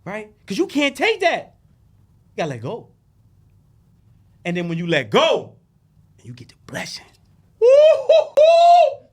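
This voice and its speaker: A man as a podcast guest, telling stories and preaching about faith in a loud, animated, profane way. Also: high-pitched, unhurried, long pauses, breathy edge. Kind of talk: casual podcast conversation.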